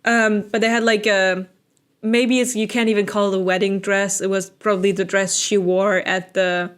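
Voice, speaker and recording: A woman co-hosting a podcast, recapping a book plot in casual chat and quickly acting out the characters' lines. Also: medium pitch. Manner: animated, acts out characters' lines in quick asides, laughs often. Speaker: podcast co-host.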